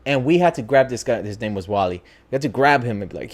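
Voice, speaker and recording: A man at middle pitch tells a spooky tale in a casual talk show. His voice rises and falls a lot as he acts things out. He talks loosely, with plenty of swearing. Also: fast talker. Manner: animated, profane, acts out voices in his story. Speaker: podcast host. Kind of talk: casual storytelling.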